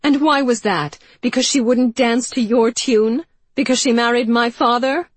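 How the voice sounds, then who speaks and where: A woman reading an audiobook, voicing a grieving, scornful young woman who speaks high, loud and cutting. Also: normal speed, husky, no echo. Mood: accusing.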